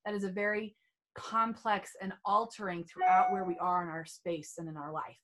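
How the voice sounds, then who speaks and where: A bubbly, self-assured middle-aged woman, a beauty trainer and author, guests on a casual podcast chat. Her medium-pitched voice is fairly bright with fairly even intonation at a moderate pace, and she's playful, tagging lots of "right?" onto her lines.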